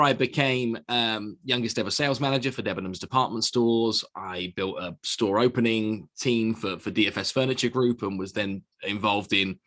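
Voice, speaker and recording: On the low side in pitch, this middle-aged UK-born sales speaker appears as a podcast guest in a small office studio, his accent a blend of British and American. He spins his story in a lively way, full of restarts and doubled-up words, in a conversational interview.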